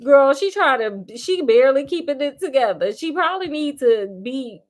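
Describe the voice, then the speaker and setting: Sassy woman retelling a movie plot, slightly high voice, super chatty, keeps saying honey. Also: lively intonation, normal speed. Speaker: storyteller. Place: at home doing crafts.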